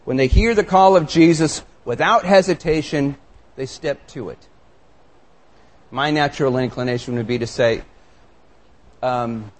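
A man's voice: medium pitch, measured pace, long pauses. A man preaching a sermon, reading scripture and reflecting on it with earnest, emphatic questions. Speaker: pastor.

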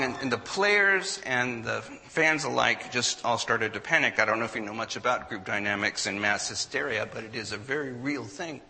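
Male storyteller, mid pitch, animated delivery, bright tone, reverberant hall. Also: normal speed, few pauses. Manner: animated storyteller, acts out quotes. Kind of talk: storytelling talk to an audience.

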